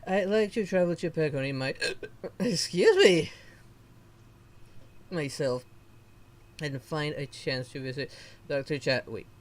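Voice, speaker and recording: A male VTuber streamer reading game dialogue aloud slowly, with casual commentary, laughs and mild swearing. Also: fairly high pitch, expressive. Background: faint game music.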